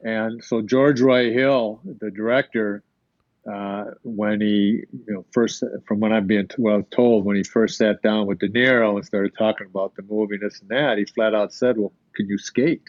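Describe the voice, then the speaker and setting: An older man who once played hockey is a podcast guest, casually rambling through anecdotes and acting out the quoted dialogue. His voice sits fairly low with fairly even intonation at a moderate pace. The audio is dull, with no room sound.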